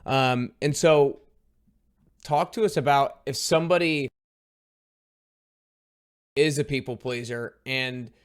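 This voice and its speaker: A male podcast host asks long, meandering questions in a casual interview. His voice is smooth and clear, with a middle pitch. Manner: rambling, hesitant questions with restarts.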